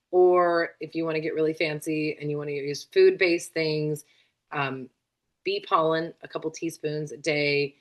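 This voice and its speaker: A woman with a fairly low voice talks through her material as a casual lesson. She is chatty and full of asides, and she sounds a little tired as she goes. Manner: chatty, lots of fillers and asides. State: tired, yawning. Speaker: functional medicine practitioner.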